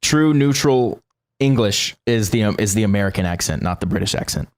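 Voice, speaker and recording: A man's voice: fairly low pitch, expressive, fairly quick. A man from South Carolina co-hosting a talk show, joking bluntly and swearing freely in casual chat. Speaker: podcast co-host.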